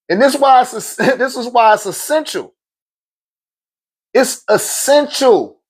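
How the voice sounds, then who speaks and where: A man with a fairly high voice talks straight into his phone on a livestream. He preaches in loose, slangy bursts and laughs often as he makes his points. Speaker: livestream host. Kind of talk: casual livestream talk.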